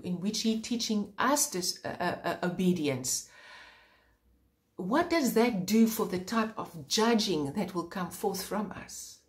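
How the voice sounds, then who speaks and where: A woman preaching an informal sermon in an earnest way, with many pauses and a voice that turns fervent when she stresses a point. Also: mid-range voice. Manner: earnest, pausing often, sharpening into fervent emphasis.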